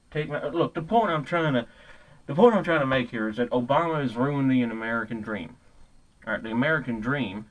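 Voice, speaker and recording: A man's voice: medium pitch, fairly bright tone, natural voice, low-quality recording. A man playing a hot-headed, ignorant ranting man in a comedic character monologue, profane and rambling, stumbling over his own words.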